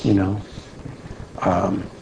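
A man's voice: low-pitched, flat delivery, drawn-out words, creaky, noisy background. A man preaching a conversational sermon, often checking in with his listeners as he teaches.

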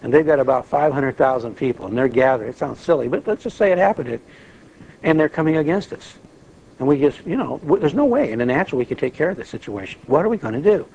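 Animated man teaching the Bible. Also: a little high, quick pace, gravelly, lo-fi sound, a little hiss or hum. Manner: animated, acts out prayers and quotes.

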